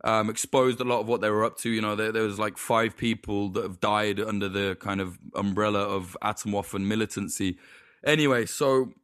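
A man's voice: fairly low pitch, steady tone, brisk, a bit bright, smooth, no echo, studio quality. A man in casual podcast chat, telling stories in a rambling, profane way full of false starts.

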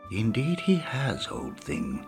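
A man's voice: medium pitch, wildly swooping pitch, takes it slowly, vocal fry, darkish tone, soft background music, heavily acted. A man voicing Henry, a genteel elderly male ghost who speaks in a proper, old-fashioned way. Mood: bemused.

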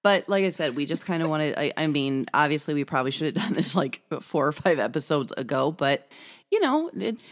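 A woman's voice: deep voice, sing-song, fairly quick. A woman co-hosting a podcast in casual chat, rambling and restarting her sentences. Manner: rambling, repeats herself and restarts often. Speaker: podcast co-host.

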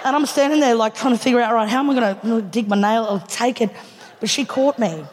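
An Australian woman comedian performs stand-up on a theatre stage, telling a loose, chatty story to a live audience with a laugh in her voice. She talks fast in a fairly high voice with a darkish tone. The live recording is reverberant, with faint noise.

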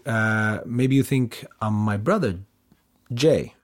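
A man with a mid-pitched voice recounts a personal story in an interview. He tells it vividly and acts out the lines of the people involved. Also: takes it slowly. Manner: vivid retelling, acting out dialogue.

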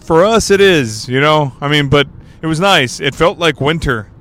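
A man in his thirties from Texas hosts his podcast while driving, rambling through a casual solo monologue with joking asides into a portable recorder with a mic. His voice is fairly high and a bit bright, with lively intonation and normal speed.

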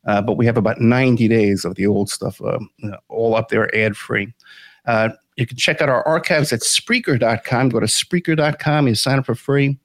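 A man's voice: medium pitch, steady tone, moderate pace, no room sound. A man hosting a podcast, talking casually with many fillers and restarts. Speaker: podcast host. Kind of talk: casual interview.

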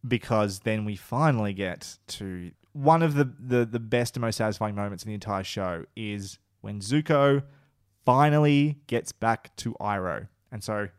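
A man co-hosting a casual podcast, retelling favourite scenes with enthusiasm and getting emotional. He swears casually and talks in a relaxed, rambling way. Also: on the low side, moderate pace, clear, resonant tone, dry recording, studio quality. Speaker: podcast co-host. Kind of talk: casual chat.

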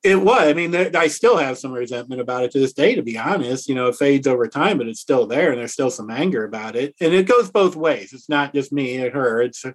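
Middle-aged man, interview guest, candid storytelling, reflective, earnest, medium-pitched voice. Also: animated. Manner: reflective and earnest, slows to stress key words.

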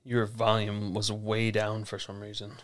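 A man with a lowish voice co-hosts a casual podcast. He mostly answers with short interjections and teasing remarks. He sounds at ease in the chat. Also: monotone, measured pace. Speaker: podcast co-host.

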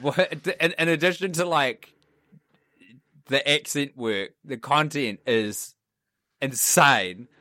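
A man's voice: mid-range voice, slow pace, pauses often, pushed and bright, dry recording, clean studio sound. A man co-hosting a podcast who chats casually and drops in wry remarks. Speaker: podcast co-host. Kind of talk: casual comedy review chat.

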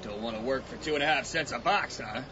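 An actor playing a suspicious, hostile ranch guard hunting a fugitive in a radio drama, with a sneering, interrogating drawl. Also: male voice, mid-range voice, fast, natural voice. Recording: dull, with clear outdoor hiss.

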